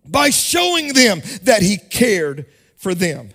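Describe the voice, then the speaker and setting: A male pastor preaching a sermon in a sing-song cadence, rising to shouts at the high points. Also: huge pitch swings, extremely slow, pauses often. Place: church sanctuary.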